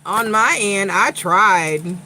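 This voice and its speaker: A woman's voice: medium pitch, takes it slowly, bright, forceful tone, rough recording. A woman from Long Island, New York with a Long Island accent touched by a slight Southern tinge, a tarot reader chatting bluntly and profanely during a casual livestream.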